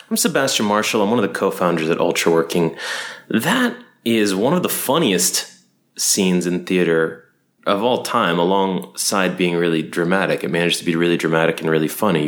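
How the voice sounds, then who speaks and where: A man hosting his own podcast, talking casually in an animated, rambling way with lots of fillers. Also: sits low, fairly quick. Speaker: podcast host and co-founder. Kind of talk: casual solo podcast talk.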